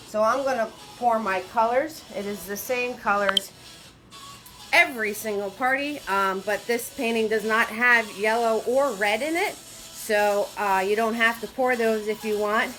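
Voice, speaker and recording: A woman's voice: fairly high pitch, a little slow, a bit bright, faint music behind. A woman running a live-stream painting class, chatty and often laughing, greeting her viewers by name in a sing-song voice. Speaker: painting instructor.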